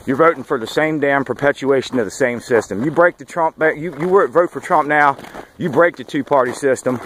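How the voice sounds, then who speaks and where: Blunt sarcastic man outdoors, traffic noise. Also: medium pitch. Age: late 40s. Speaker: campaign volunteer vlogger. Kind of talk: casual spoken vlog update. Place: outdoors on a morning hike.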